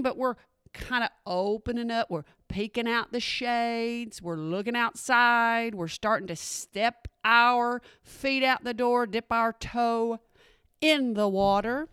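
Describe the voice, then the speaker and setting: Woman, middle-aged, podcast host, casual chat, slightly hoarse, a little high voice, dry close recording. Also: takes it slowly, fairly bright tone, dry recording. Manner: chatty, addresses listeners as y'all. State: slightly hoarse, clearing throat.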